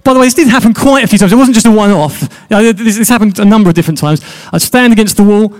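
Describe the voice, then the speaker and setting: A man's voice: sits high, very fast, few pauses. A man preaching a sermon, chatty and joking with his congregation.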